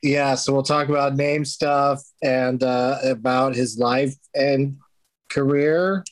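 A man's voice: mid-range voice, fairly even intonation, takes it slowly, no echo. A man hosting a podcast in casual chat, rambling and hesitant with lots of fillers. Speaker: podcast host.

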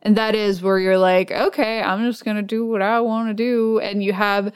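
A woman in her thirties, chatting casually as an interview guest. Her voice is smooth and resonant, and she rambles loosely with lots of "like" fillers. The sound is dry and close, with no room echo. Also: mid-range voice, normal speed. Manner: relaxed, rambling, frequent "like" fillers. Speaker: guest maker and video creator.

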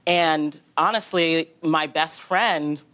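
Woman guest on a talk show, really low voice, chatty and rambling, laughs a lot. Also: slow pace. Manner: rambling, animated storytelling with frequent laughs. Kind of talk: casual chat.

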